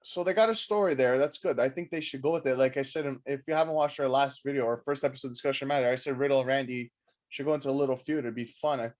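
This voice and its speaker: A man's voice: mid-range voice, quick pace, a little mellow. A man co-hosting a wrestling podcast, talking in a rambling, jokey way with plenty of swearing, tired from a night without sleep. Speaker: podcast co-host. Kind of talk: casual wrestling chat.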